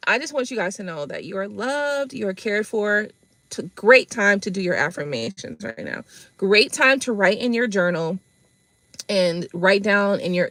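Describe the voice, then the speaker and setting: A woman hosting a live tarot stream, chatting casually with viewers in an animated, profane way and laughing often. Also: mid-range voice, dry recording.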